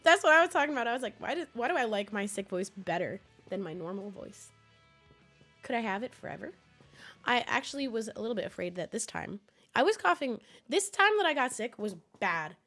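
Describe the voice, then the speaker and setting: A young woman streaming from home, chatting casually with viewers in a rambling, laughing way. She is hoarse, sniffly and coughing from a cold. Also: mid-range voice, lively intonation, a little fast, a bit bright, soft background music.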